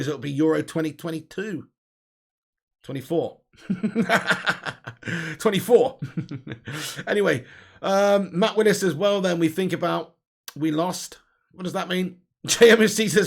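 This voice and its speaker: Young male streamer, chatty and excitable, slightly high voice with gravel, reads viewer comments. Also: normal speed. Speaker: host of a fan channel livestream. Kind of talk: live chat reading viewer comments.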